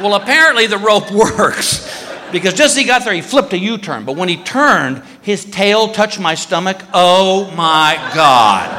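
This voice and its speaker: A man's voice: high-pitched, animated, normal speed, sharp tone, slight background noise. A man telling a story in a stand-up routine, acting out the voices of the people in it. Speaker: stand-up comedian. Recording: live show in a reverberant hall.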